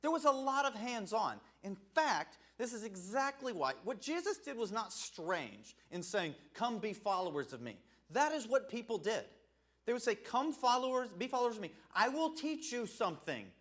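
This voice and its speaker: A man's voice: high voice, sing-song, normal speed, a bit bright. A middle-aged man preaching a conversational sermon, often asking "right?" and laughing at himself. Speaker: evangelist preacher.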